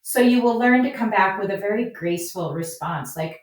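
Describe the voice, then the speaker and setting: A woman's voice: mid-range voice, expressive, moderate pace, few pauses. Distant, echoey woman guest. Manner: upbeat, encouraging, acts out quoted voices. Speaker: flower farmer and business coach, guest. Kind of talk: podcast interview conversation. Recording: echoey, distant remote audio.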